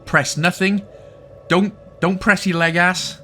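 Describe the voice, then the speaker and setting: A man's voice: sits high, level tone, slow, bright, forceful tone, a little hiss or hum. A Welsh man hosting an achievement guide, talking chattily with joking asides. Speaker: gaming channel host. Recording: faint game music behind.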